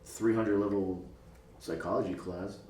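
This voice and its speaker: A man's voice: deep voice, steady tone, a little slow, a little mellow. A man, a guest in a casual chat, answering in a laid-back, blunt way. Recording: echoey room, distant mic, faint noise.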